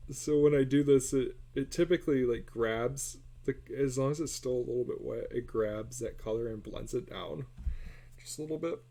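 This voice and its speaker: A man's voice: mid-range voice, moderate pace, warm tone. A man chatting casually and muttering self-deprecating remarks while he draws on a live stream. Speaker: artist streaming a live drawing session.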